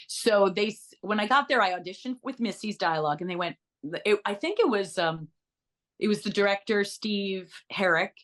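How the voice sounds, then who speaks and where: A middle-aged woman, an actress being interviewed, telling anecdotes in a chatty, animated way, often restarting her sentences and adding asides. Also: mid-range voice. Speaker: actress guest.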